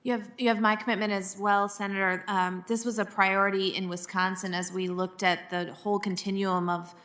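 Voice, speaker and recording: A woman, a nominee at a committee hearing, answering questions in a brisk, composed way. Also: mid-range voice, level tone, a bit bright. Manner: brisk, composed, with some fillers.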